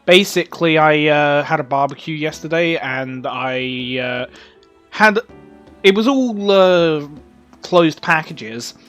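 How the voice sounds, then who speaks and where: A man's voice: a little high, takes it slowly, a bit bright, soft background music. Man joking wryly in casual chat.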